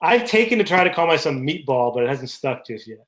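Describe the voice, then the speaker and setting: Rambling male co-host, slightly high voice. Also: very animated, brisk, a bit bright. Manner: rambling, anecdotal, frequent fillers. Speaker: podcast co-host. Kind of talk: casual chat.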